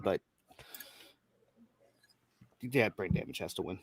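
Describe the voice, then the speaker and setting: A man's voice: mid-range voice, big pitch swings, unhurried, long pauses, a little hiss or hum. A man co-hosting a casual podcast chat, swearing freely and telling stories with animation. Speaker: podcast co-host.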